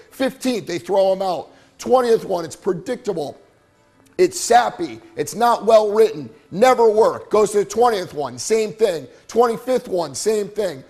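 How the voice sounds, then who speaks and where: Middle-aged male motivational speaker, animated storyteller, fairly high voice, breathy and rough. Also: moderate pace. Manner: animated, keeps checking in with "right?". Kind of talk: storytelling presentation to a live audience. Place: venue with a live audience.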